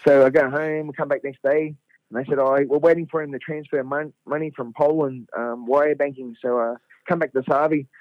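A middle-aged Australian man, a fighter guest, telling a story in a casual, animated way, laughing and swearing freely. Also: fairly high pitch, brisk, dry recording. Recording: dull lo-fi radio sound.

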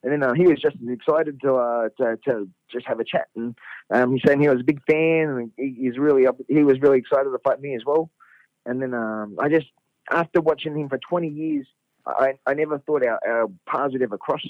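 Fast-talking Australian man telling yarns. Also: medium pitch, dry recording. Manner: animated, laughs and swears freely, acts out quotes. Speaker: guest, fighter. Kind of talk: casual anecdotal storytelling. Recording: dull lo-fi radio sound.

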